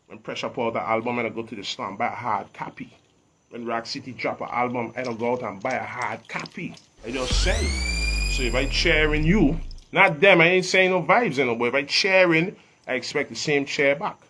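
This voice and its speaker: A man's voice: mid-range voice, a little fast, bright, forceful tone, a little hiss or hum. A man who talks with emphatic street swagger in a laid-back interview. His voice sits in an ordinary middle range for a man. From Virgin Islands. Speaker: guest artist. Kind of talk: casual interview chat.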